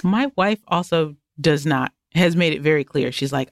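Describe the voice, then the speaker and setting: A woman chatting as a podcast guest, animated and jokey, with quick asides. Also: sits low, dry recording, clean studio sound. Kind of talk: casual conversation.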